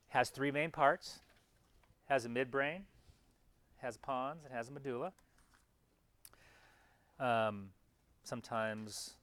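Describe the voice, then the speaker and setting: An anatomy instructor lectures a class in a casual, chatty style, often restarting mid-phrase and pointing out parts on his slides. His voice is mid-range with a fairly bright tone, and the recording is dry.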